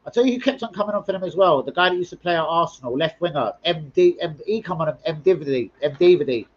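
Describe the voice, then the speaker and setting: A man hosting a football live stream, talking a touch higher than most men in a loose, rambling way, with plenty of swearing and banter aimed at his viewers. He is speaking into a streaming mic, and the sound comes through slightly dull, as if the top end were trimmed off. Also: lively intonation, fast. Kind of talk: casual football live stream chat, reading comments.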